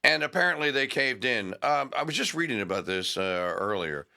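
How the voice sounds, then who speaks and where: Gravelly sarcastic talk show host man. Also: mid-range voice, sing-song, moderate pace, pushed and bright. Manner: sarcastic, rambling, reads news aloud with asides; stalls with fillers while hunting for names. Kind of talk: opinionated talk radio monologue.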